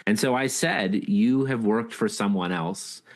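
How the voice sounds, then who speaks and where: Deep-voiced earnest male author. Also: measured pace. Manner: earnest, reflective, heartfelt. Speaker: author and leadership speaker, guest. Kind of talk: casual interview storytelling.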